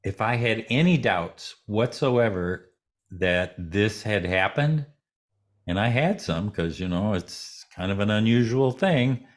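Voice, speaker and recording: Taking his time, a guest in an interview recounts a story in a relaxed manner. His voice is on the low side, and he acts out the other people's lines.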